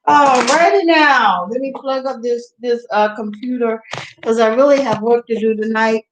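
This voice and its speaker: A woman's voice: a little high, moderate pace, a little hiss or hum, poor audio. Woman, casual livestream host, rambles, laughs easy, talks straight to viewers. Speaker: vlogger.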